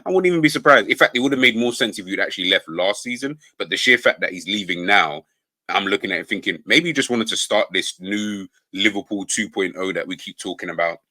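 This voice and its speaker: A man's voice: sits low, bright, forceful tone, no echo. A man on a football fan panel, rambling and thinking aloud as he talks. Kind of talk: casual podcast chat.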